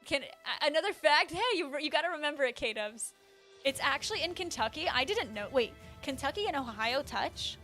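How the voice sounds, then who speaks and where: A woman's voice: high-pitched, expressive, normal speed, pushed and bright, faint music behind. A woman livestreamer casually chatting and answering her chat, full of "like" fillers and bursts of surprise.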